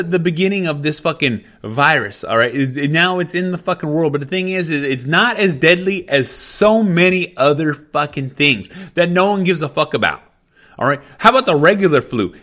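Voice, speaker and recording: Heated, profane man with a lively high voice. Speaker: parent venting on camera. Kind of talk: angry profane rant.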